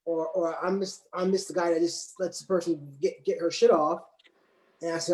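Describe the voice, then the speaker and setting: Calm, deliberate man in an echoey room. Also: on the high side. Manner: calm, deliberate, repeats words as he works out his point. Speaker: panel guest. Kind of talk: casual discussion.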